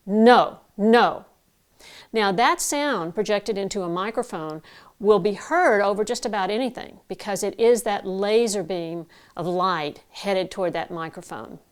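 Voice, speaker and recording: Clear-voiced woman voice coach teaching. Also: mid-range voice. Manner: clear, measured teaching with vivid analogies. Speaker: broadcast voice coach. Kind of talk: instructional talk to camera.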